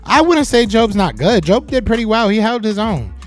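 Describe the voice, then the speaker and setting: A man hosting a live sports podcast, reading chat comments aloud and answering them with animated trash talk. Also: high voice, moderate pace, faint music behind.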